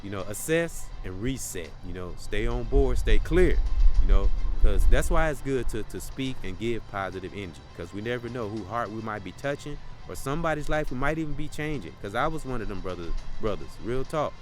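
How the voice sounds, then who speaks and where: A man's voice: mid-range voice, expressive, brisk, few pauses, soft background music, rough recording. A man hosting a motivational podcast outdoors in the wind, speaking casually and preachily, repeating phrases and sign-offs. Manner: preachy, repeats phrases, says "real talk" and "salute". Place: outdoors in windy nature.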